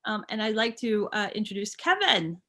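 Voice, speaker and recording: A woman's voice: medium pitch, very animated, normal speed, fairly bright tone. A woman moderating a workshop, thanking speakers and introducing the next one.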